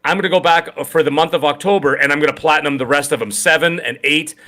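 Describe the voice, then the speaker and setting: A man's voice: fairly high pitch, fast, pushed and bright. A man from Canada co-hosting a gaming podcast, chatting in an upbeat, jokey, rambling way. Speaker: podcast co-host. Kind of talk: casual podcast chat.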